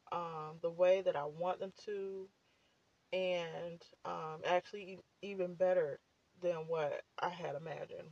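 A woman's voice: on the low side, a little mellow, no room sound, lo-fi sound. A woman hosting a casual talk show. Her voice is scratchy, she sounds slightly out of breath, and she talks to listeners in a loose, chatty way full of fillers. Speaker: podcast host and author. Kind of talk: casual chat.

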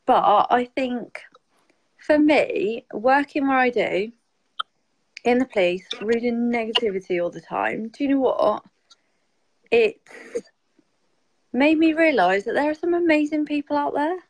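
A woman's voice: on the high side, a little slow, long pauses, low-quality recording. A woman guest on a live stream, talking casually and emotionally, with many "like" fillers. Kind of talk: casual heartfelt chat.

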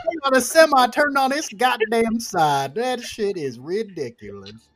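Podcast co-host, lively swooping pitch, laughs a lot, curses casually. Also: unhurried. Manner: animated, laughing, swearing freely.

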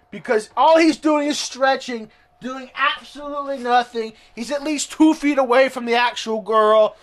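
High-voiced man ranting profanely. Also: lively intonation, a little slow, fairly bright tone, slight background noise. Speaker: story reader and commentator. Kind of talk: ranting read-along commentary.

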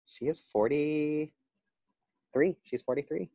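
A man co-hosting a podcast in casual chat, delivering things enthusiastically with quick asides. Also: on the high side, gravelly, warm tone. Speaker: podcast co-host.

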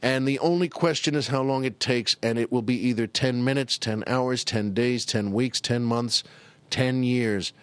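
A man's voice: medium pitch, fairly even intonation, normal speed, smooth, no room sound. A middle-aged man hosting his own show, telling a rambling, self-mocking family story in a casual monologue. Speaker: podcast host.

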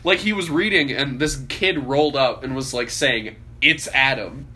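Bright-voiced young man telling stories. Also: mid-range voice, expressive, moderate pace, rough recording. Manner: swearing, laughing storyteller. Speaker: podcast co-host. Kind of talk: casual storytelling chat.

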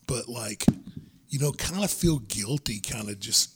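Husky, rambling storyteller. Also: male voice, medium pitch, expressive. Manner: rambling storyteller, halting with many fillers, profane. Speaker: podcast co-host. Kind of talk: casual podcast chat.

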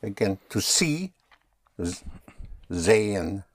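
A man's voice: on the low side, big pitch swings, takes it slowly, breathy edge. A man teaching German in a patient one-on-one lesson, often spelling words out letter by letter.

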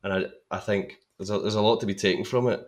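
An actor guesting on a podcast, chatting about a film with enthusiasm and many repeated words and restarts. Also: male voice, lowish voice, fairly even intonation, fast. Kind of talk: casual film-discussion chat.

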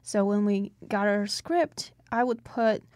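Enthusiastic woman co-host, storytelling manner, dry close sound, mid-pitched voice. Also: slow pace, a little mellow, dry recording. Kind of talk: conversational podcast chat.

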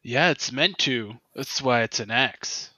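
A man with a bright, forward voice playing in a casual tabletop game. He is eager, tallies his rolls aloud and grumbles in mock exasperation when they go badly. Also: mid-range voice, lively intonation, slow. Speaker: player.

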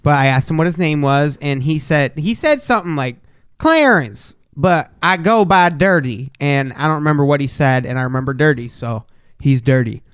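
A man's voice: medium pitch, a little fast, clear, resonant tone, dry recording, clean studio sound. A young man co-hosting a podcast, rambling and joking in casual banter. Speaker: podcast co-host. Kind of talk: casual chat.

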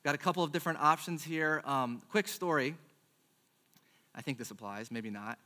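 Chatty pastor telling a funny story. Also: male voice, on the high side, moderate pace. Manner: self-deprecating storyteller, chatty and animated. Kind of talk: sermon with a personal story.

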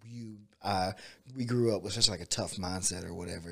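Laid-back man with a lowish voice. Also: a little fast, vocal fry. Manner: relaxed, rambling, says "dude" and "like" a lot. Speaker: jiu-jitsu and MMA coach. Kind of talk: casual conversation.

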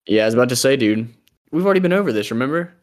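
A young man co-hosting a podcast. He rambles through casual chat, cracking jokes and breaking off mid-thought. His voice sits at an ordinary middle pitch. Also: animated, racing. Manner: rambling, jokey, trails off and restarts. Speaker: podcast co-host.

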